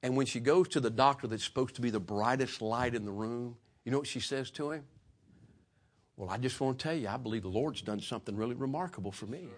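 A man preaching a sermon, swinging from loud, passionate peaks to hushed, quiet stretches. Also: mid-range voice, quick pace. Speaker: pastor.

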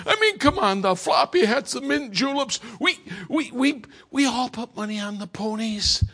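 Guy doing a loud high folksy deacon, bossy and insistent. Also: animated, normal speed, full character voice. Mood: boastful. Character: pushy small-town Kentucky church deacon, man.

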